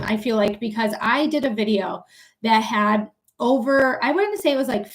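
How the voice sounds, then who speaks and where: Brief: woman livestream host, slightly high voice, casual, swears freely, talks straight to her viewers. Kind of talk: casual livestream chat and ranting.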